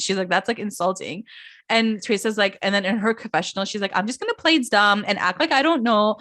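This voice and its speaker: A woman hosting a podcast in casual chat, talking in an animated way with lots of "like" and quick impressions of other people. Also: mid-range voice. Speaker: podcast host.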